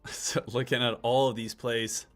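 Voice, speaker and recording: A man's voice: medium pitch, little pitch movement, measured pace, fairly bright tone, soft background music. A man hosting a live stock trading stream, chatting casually and repeating each ticker call over and over. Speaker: stock trading livestream host.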